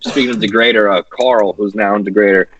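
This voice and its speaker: A man's voice: fairly low pitch, fairly even intonation, a little fast, muffled recording, a crowd in the background. Laid-back cursing man from Washington State. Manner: loose, profane, laid-back. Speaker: guest musician. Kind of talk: casual chat.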